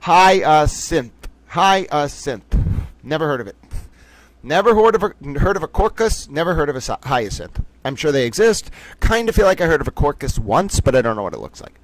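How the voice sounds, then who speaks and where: A man's voice: on the high side, very animated, fast, dry recording, poor audio. A man hosting a casual livestream trivia game, reading out questions and making playfully indignant, rambling asides.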